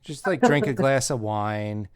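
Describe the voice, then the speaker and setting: A man's voice: mid-range voice, expressive, a little slow, smooth, no room sound. A man co-hosting a podcast, telling stories in a laid-back, dry way during casual banter. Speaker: podcast co-host.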